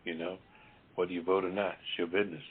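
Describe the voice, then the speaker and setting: Man, very low voice, calm measured talk show co-host, tinny phone-line sound. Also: husky. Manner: calm, measured, even-handed. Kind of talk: casual talk show chat.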